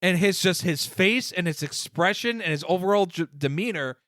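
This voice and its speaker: A man co-hosting a podcast in casual chat, joking and getting excited as he talks. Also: high voice, moderate pace, no echo, clean studio sound. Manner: excited, joking, quotes lines from the show. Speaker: podcast co-host.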